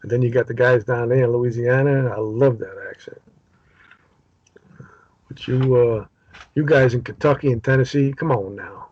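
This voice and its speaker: A man's voice: mid-range voice, moderate pace, pauses often, husky, no echo. A man with a New York accent leading a casual Bible study over a video call, chatty and joking, with lots of fillers. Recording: dull video-call audio.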